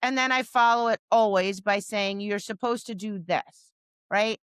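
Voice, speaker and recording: A woman's voice: mid-range voice, normal speed, clean tone, dry recording. A woman dog trainer co-hosting a podcast, talking casually and animatedly, acting out her dog's replies and scolding owners with exasperation. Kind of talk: casual chat.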